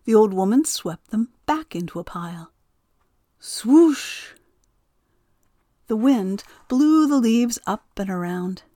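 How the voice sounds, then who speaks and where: A woman narrating a storybook tale in a gentle, expressive way. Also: medium pitch, normal speed, hardly any pauses, no room sound, studio quality.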